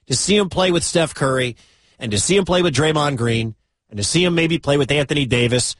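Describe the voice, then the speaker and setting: A man hosting sports talk radio, excitable and given to loud bursts of enthusiasm. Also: a little high, no echo.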